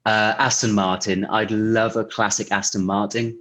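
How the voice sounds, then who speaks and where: A man talking casually as an interview guest, relaxed and chatty, with many fillers and restarts. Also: lowish voice, normal speed. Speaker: guest, insurance technology vendor.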